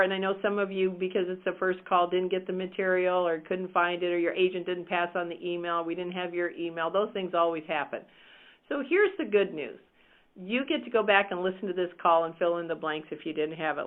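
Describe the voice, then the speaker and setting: Woman coach, emphatic and upbeat, teaching over a thin, phone-like line. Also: mid-range voice. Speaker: real estate team coach.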